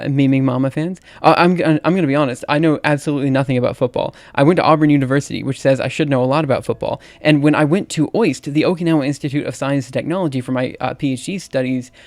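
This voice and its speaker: A man's voice: mid-range voice, no room sound. A man in his thirties from Alabama with a Southern accent, chatting casually on a livestream as he types, hesitant and full of fillers. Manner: halting, filler-heavy, laughs at himself. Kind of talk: casual livestream chat while typing. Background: faint music and keyboard typing.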